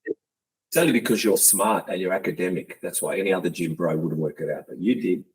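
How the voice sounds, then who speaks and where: A man's voice: low voice, brisk, slightly rough, rough recording. A man hosting a podcast interview, telling teasing, joking stories in casual chat. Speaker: podcast host.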